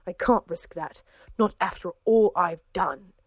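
A woman's voice: on the low side, normal speed, no echo, natural voice. A woman voicing a whiny, spiteful aristocratic man who makes petulant, hissing demands in an audiobook. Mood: resentful. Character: older nobleman, whiny and spiteful.

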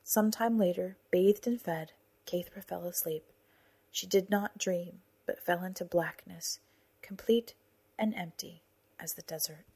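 A woman in her thirties narrating a story for her podcast, calm and measured. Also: fairly low pitch, breathy edge. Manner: calm, soft-spoken and measured. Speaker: author and narrator of a fiction podcast.

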